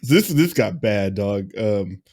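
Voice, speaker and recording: A man's voice: fairly low pitch, lively intonation, slow, darkish tone. Laid-back man chatting on a podcast. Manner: laid-back, easily amused. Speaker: podcast co-host. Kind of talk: casual chat, reading news aloud.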